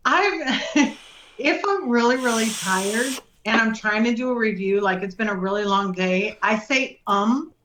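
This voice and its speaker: A woman's voice: on the high side, a little slow, roomy sound, noisy background. A woman chatting casually as a guest on a live stream, talking freely with fillers and frequent laughs. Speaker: guest reviewer.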